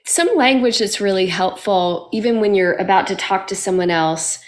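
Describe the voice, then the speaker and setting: A woman talking as a guest in a relaxed conversation. Her voice sits in a middle range. She reflects earnestly and keeps an upbeat tone. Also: mid-range voice, normal speed. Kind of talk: casual conversation.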